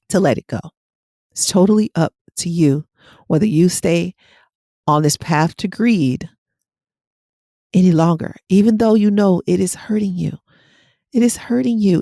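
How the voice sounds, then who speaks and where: A woman's voice: fairly low pitch, vocal fry, warm tone, no room sound, clean studio sound. A middle-aged woman hypnotherapist giving a casual, blunt and direct motivational talk on her podcast.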